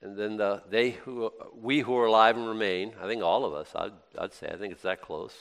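A man preaching a conversational sermon, asking his listeners questions and breaking into excited bursts. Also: fairly low pitch, a little fast, clear, resonant tone. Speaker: pastor. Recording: long hall reverb.

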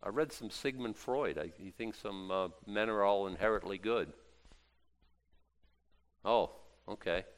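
A man preaching a sermon as a pastor, folksy and jokey, dropping to quiet asides and then rising to loud, excited exclaims. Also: a little slow, long pauses, clean tone. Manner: animated, swinging from low asides to loud exclaims; folksy, jokey Bible teaching.

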